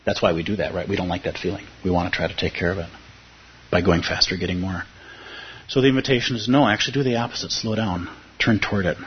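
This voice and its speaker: A man's voice: deep voice, steady tone, fast, highs cut off, slight background noise. A man teaching meditation in a conversational dharma talk to a room of listeners, repeating key phrases and asking rhetorical questions. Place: room with a live audience.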